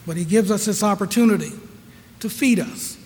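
A man preaching a sermon, slow and emphatic, repeating his rhetorical questions to the congregation. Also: high-pitched, a little mellow. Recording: long reverberant hall.

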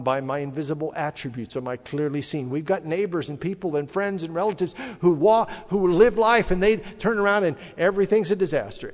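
A man's voice: fairly high pitch, darkish tone. A middle-aged man preaching a sermon, speaking earnestly and rising with emphasis when he quotes scripture. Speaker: pastor. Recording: dull lo-fi audio with long hall reverb.

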